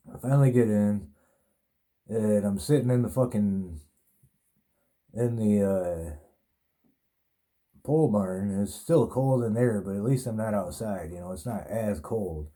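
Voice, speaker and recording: Podcast host, man, rambling profane storyteller, very dark, mellow tone, lowish voice. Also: a little slow, long pauses. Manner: rambling, heavy swearing. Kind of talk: casual storytelling.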